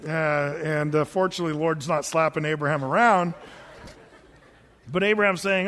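A man's voice: on the high side, fairly even intonation, normal speed, a bit bright. A man preaching a sermon in a chatty, folksy storytelling manner, often laughing, recorded in a large hall. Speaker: pastor. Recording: long hall reverb.

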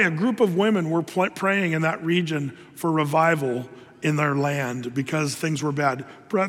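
High-voiced preacher in a reverberant hall. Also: male voice, a bit bright. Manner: conversational, with fillers and restarts. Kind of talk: sermon.

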